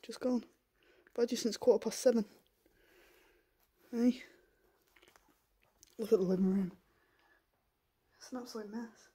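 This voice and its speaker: Soft-spoken woman cooing to a puppy. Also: a little high, steady tone, a little slow, long pauses, breathy edge. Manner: soft coaxing baby talk to a puppy, often half-whispered. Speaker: vlogger. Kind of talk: casual home vlog. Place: living room at home. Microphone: handheld camera.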